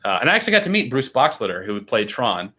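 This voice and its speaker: A man's voice: medium pitch, big pitch swings, quick pace, bright, forceful tone. A young American man hosting a casual livestream, chatting eagerly and reading out viewer comments. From United States. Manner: enthusiastic, chatty, reads comments aloud. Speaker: livestream host.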